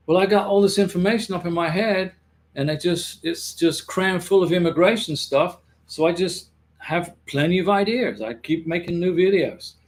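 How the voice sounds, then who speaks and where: A middle-aged man hosting a casual livestream from home, reading viewer comments and rambling with frequent restarts and repeated words. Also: a little high. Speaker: livestream host giving immigration advice.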